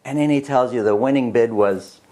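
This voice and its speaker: A middle-aged man walks through weekly housing numbers in a loose, talky way. He restarts his sentences often and warms into animated storytelling. His voice sits at an ordinary middle pitch. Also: normal speed. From Canada. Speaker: realtor giving a market report. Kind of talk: casual market update to camera.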